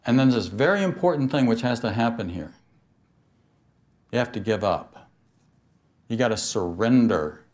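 A man's voice: medium pitch, lively intonation, moderate pace, long pauses, darkish tone. An older man giving a spiritual talk to an audience, telling stories, laughing and asking his listeners questions. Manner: storytelling, asks the audience questions, laughs often. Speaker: speaker on mysticism.

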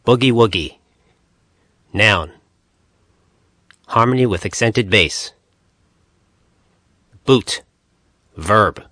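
Very slow, low-voiced male narrator. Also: pushed and bright, no echo, clean studio sound. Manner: reads dictionary entries in short, measured phrases. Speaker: audiobook narrator. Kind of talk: scripted audiobook narration.

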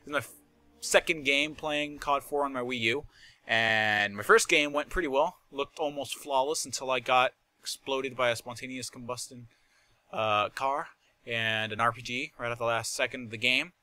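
A man doing live commentary over his gameplay, rambling and chatty, prone to shouting, laughing and swearing. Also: mid-range voice, brisk, dry recording. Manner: excitable, shouts and laughs at in-game moments. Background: game gunfire and explosions.

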